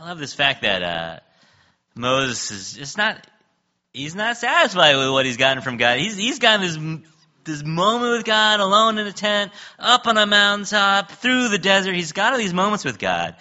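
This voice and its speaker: A man delivers a conversational sermon with a very bright, edgy tone and a lively, swooping pitch. He jokes, laughs often and acts out scripture dialogue with big jumps in pitch. The recording sounds dull and lo-fi. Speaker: pastor.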